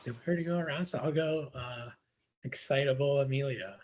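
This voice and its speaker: A man's voice: a little high, fast talker, dull audio, a little hiss or hum. A man taking part in a workshop on a video call, speaking hesitantly. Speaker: workshop participant.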